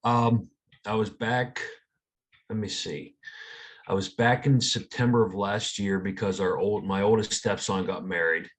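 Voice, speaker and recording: A man's voice: fairly low pitch, steady tone, unhurried. A man with an American accent, a veteran guest, telling stories casually in a laid-back, shrugging way. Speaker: guest, Air Force veteran. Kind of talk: casual storytelling.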